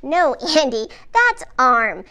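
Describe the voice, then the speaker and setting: A woman's voice: high voice, big pitch swings, takes it slowly, sharp tone, clear, resonant tone, exaggerated voice. A woman voicing a cheerful little girl puppet who teaches in a sing-song, encouraging way in a children's puppet lesson. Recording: children's music playing behind.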